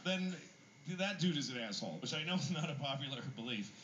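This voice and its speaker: A man's voice: medium pitch, expressive, fast talker, lo-fi sound, background noise. A man doing a stand-up comedy routine, telling stories in an irreverent, profane way.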